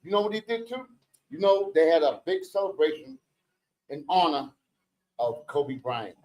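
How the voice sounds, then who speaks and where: A man's voice: a little high, animated, moderate pace, a little mellow. A man telling stories with boasts and laughter in casual chat at a coffee shop.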